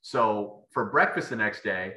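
A man's voice: fairly low pitch, lively intonation, measured pace, pushed and bright. A man, a former football player, telling rambling stories as a podcast guest, with many fillers and restarts. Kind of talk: casual storytelling interview. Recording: echoey room.

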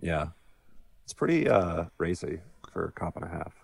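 Very deep, gravelly-voiced joking man. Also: sing-song, moderate pace, no echo. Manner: joking, teasing, laughs often. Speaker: podcast co-host. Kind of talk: casual movie-commentary chat.

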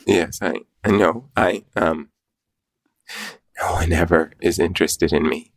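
A man's voice: low voice, steady tone, unhurried. Man doing a weepy, theatrical vintage shop owner, self-pitying, melodramatic comedy character. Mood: dramatic.

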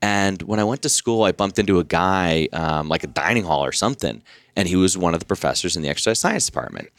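A very deep, low-voiced man in his forties tells a story on a podcast, animated and chatty, laughing often and circling back on his sentences. The sound is dry and close, with no room around him. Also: quick pace, no room sound. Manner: animated, laughs often, many fillers and restarts. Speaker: podcast guest. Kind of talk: casual storytelling.

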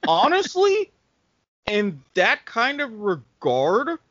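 A man co-hosting a casual sports podcast, explaining rules in a halting way with fillers, on dull, dry lo-fi audio. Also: extremely high pitch, wildly swooping pitch, a bit bright, dry recording. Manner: halting, thinks aloud with fillers. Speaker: co-host.

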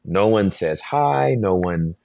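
Brief: man in his forties, very low voice, dry close sound, animated podcast storyteller. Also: slow pace, gravelly, dry recording. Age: 40s. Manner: animated storyteller, acts out voices, laughs often. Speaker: pastor, podcast guest.

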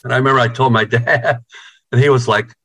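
A man's voice: mid-range voice, fairly even intonation, fast, sharp tone. A middle-aged man from New York, a band's guitarist, telling rambling, profane stories in casual chat over a video call. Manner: profane, rambling, repeats words. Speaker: guitarist in a band, interviewee.

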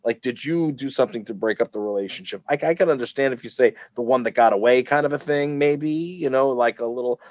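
A man co-hosting a podcast in casual comedic chat, playful and animated, often acting out little voices. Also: medium pitch, fast talker, hardly any pauses. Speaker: podcast co-host.

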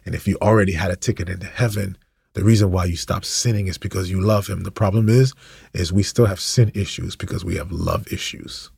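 A man's voice: low-pitched, fairly even intonation, brisk, creaky, darkish tone, breathy edge, no echo. A man preaching an impassioned, ranting sermon, full of repetition and rhetorical questions.

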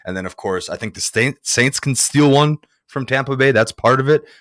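A man's voice: mid-range voice, lively intonation, moderate pace, a bit bright, no echo, clean studio sound. A man co-hosting a sports betting podcast, talking casually and rambling with lots of fillers. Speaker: podcast co-host.

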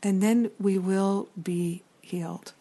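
Middle-aged female spiritual teacher; warm, dark tone, earnest and reflective, stacks up long lists. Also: mid-range voice, fairly even intonation, slow pace.

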